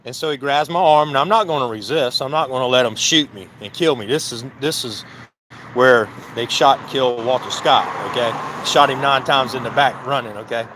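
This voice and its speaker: A man's voice: mid-range voice, a little fast, a bit bright, slight background noise. A man tells, heated and indignant, how the police stopped him at his work site, acting out both sides of the exchange. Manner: heated, indignant, repeats "I said" while reenacting a dialogue. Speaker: business owner recounting a police stop. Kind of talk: casual storytelling to camera. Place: outdoors by a work trailer near a building.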